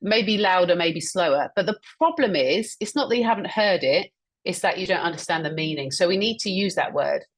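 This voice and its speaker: A woman with a fairly low, husky voice teaches over a video call. She speaks in an encouraging tone and works through examples, often repeating phrases back to her listeners. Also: animated, brisk. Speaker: webinar presenter and communication trainer. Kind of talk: instructional webinar talk.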